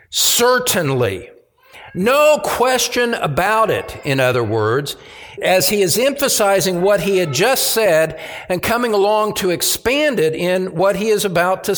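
Slow, high-voiced preaching man. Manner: slow, emphatic preaching with stressed repetitions. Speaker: pastor. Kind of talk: sermon.

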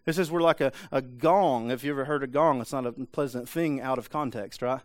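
A man's voice: mid-range voice, fairly quick, dry recording. A man preaching a sermon in a church, talking in a loose conversational way with frequent restarts and rhetorical questions. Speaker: pastor. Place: church sanctuary.

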